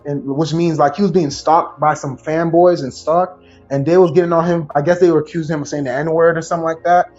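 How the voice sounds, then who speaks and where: A man hosting a casual podcast, telling stories in an animated, slang-heavy way. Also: on the high side, fast talker, lo-fi sound, faint music behind. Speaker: podcast host.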